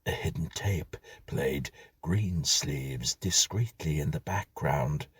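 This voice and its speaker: A man tells a whimsical tale in a slow, measured reading. His voice is deep and husky. The pitch moves a lot, and the sound is dry and close. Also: dry recording. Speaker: narrator. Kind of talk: scripted storytelling.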